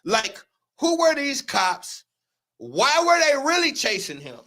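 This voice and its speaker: A man with a very high voice that sounds bright and forceful hosts a livestream commentary. He talks in a heated, profane, emphatic way and keeps repeating words for effect. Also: wildly swooping pitch, slow. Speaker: show host.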